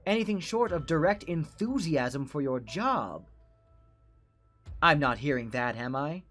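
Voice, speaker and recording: A man's voice: on the high side, expressive, measured pace, fairly bright tone, faint music behind, voice pushed up. A man voicing a cruel, possessive female boss who taunts and threatens in a sing-song way. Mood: menacing.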